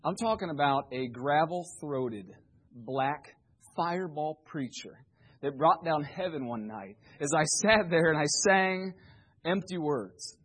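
A man's voice: on the high side, animated, measured pace, a bit bright, husky, low-quality recording. A man preaching a sermon, telling a story with humor and animation.

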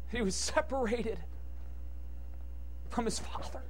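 A man preaching a sermon with impassioned delivery, dropping to hushed tones and then rising to shouted peaks. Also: very high-pitched, unhurried, pauses often.

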